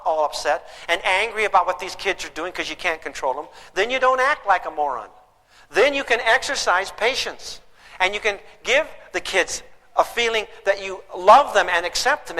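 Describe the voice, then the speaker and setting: A man's voice: sits high, pushed and bright. An older man giving a parenting talk to an audience, telling folksy stories with joking asides. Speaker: parenting speaker. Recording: echoey hall recording.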